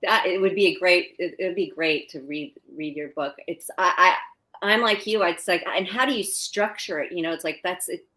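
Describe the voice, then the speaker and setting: A woman's voice: lowish voice, normal speed, pushed and bright. Middle-aged woman hosting, chatty and casual. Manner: chatty, fillers like "you know" and "like". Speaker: podcast host. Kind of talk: casual chat.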